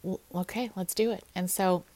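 Young woman, fitness-coach vlogger, low-ish voice, dry sound, talks candidly with lots of fillers. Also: steady tone, normal speed, warm tone, dry recording. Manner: candid, conversational, many fillers. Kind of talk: personal birth story vlog.

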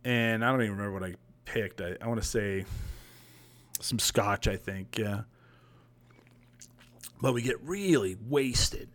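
A man's voice: on the low side, a little slow, pauses often. A young man hosting a podcast livestream, telling a long story in a rambling, profane, casual way. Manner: rambling, profane, animated retelling. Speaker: podcast host.

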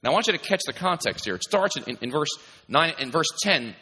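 A male pastor preaches in a relaxed, conversational way, often stopping to restart with "you know." His voice is bright and forceful, and a long reverb trails each phrase as it rings through a church hall. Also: on the high side, quick pace, husky. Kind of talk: sermon. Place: church sanctuary.

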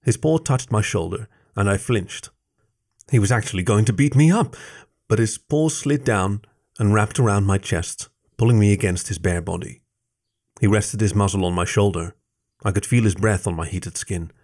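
A man with a fairly low voice reads a first-person story aloud. His delivery is measured and soft-spoken. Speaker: story reader.

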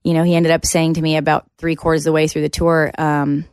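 A woman's voice: low-pitched, flat delivery, fast, a little mellow, clear, resonant tone, no room sound. A woman from Canada, a country singer in her thirties, talking candidly as a podcast guest with lots of fillers. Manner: candid, chatty, many fillers. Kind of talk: casual interview chat.

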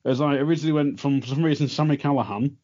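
A man, calmly running through his picks in casual podcast chat. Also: medium pitch, rapid-fire. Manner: relaxed, listing picks with asides. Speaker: wrestling podcast panelist. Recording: lo-fi remote mic.

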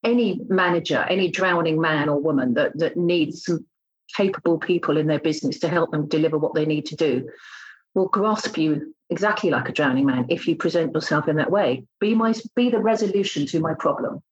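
Blunt woman recruiter, lowish voice, dull lo-fi recording. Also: brisk. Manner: blunt, emphatic, acts out exchanges. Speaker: recruitment consultant. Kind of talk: casual interview talk.

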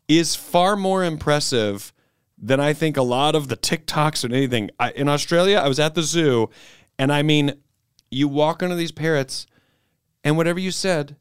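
A young adult man co-hosting a podcast, riffing animatedly in casual comedic chat and quick to laugh. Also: fairly high pitch, clear, resonant tone, no room sound, studio quality. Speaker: podcast co-host.

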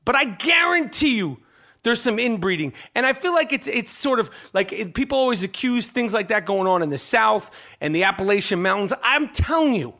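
A man's voice: sits high, sing-song, brisk, pushed and bright. A man hosting a sports podcast and reading an ad, talking in a brash, profane, rambling way that keeps checking in with "okay?". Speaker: podcast host. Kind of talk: sports talk and host-read ad.

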